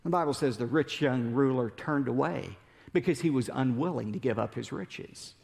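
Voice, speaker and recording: A man preaching a sermon as an animated storyteller who asks rhetorical questions. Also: medium pitch, moderate pace, creaky, long reverb tail. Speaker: pastor.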